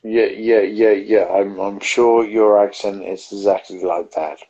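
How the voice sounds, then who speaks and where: Speaking from a home setup on a beer review livestream, a man co-hosts casually and tells meandering, self-interrupting stories full of restarts. His voice is lowish, steady, mellow and a little slow, and the audio is dull.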